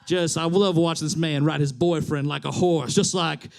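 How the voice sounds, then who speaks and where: A man's voice: on the high side, steady tone, moderate pace, gravelly. A comedian voicing an old southern man on his porch, in a mocking folksy drawl.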